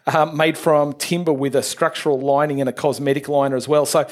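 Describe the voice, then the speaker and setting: A man hosting a podcast, running through industry news in an upbeat, brisk way. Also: fairly high pitch, level tone. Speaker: podcast host. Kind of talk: casual industry news chat.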